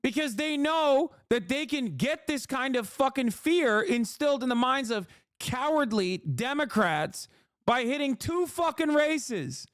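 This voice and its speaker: A man's voice: very high voice, animated, measured pace, fairly bright tone, dry recording, studio quality. A political streamer, a man, delivering heated, profane live-stream commentary.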